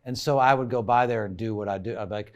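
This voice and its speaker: A man's voice: on the low side, fast talker, highs cut off. A man hosting a casual comedy podcast who prods his guest with teasing questions and laughs along. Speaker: podcast host.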